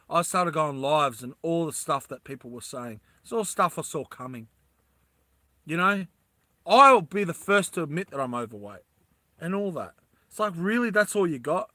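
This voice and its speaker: A man's voice: fairly high pitch, sharp tone, no echo. A man talking casually on a livestream, rambling and often laughing as he addresses his viewers.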